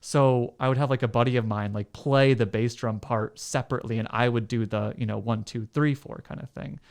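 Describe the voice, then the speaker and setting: A man's voice: mid-range voice, fairly even intonation, creaky. A man, a piano teacher, chatting as a guest on a podcast, talking loosely with lots of filler words and laughing easily. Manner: quick to laugh. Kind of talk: casual podcast chat.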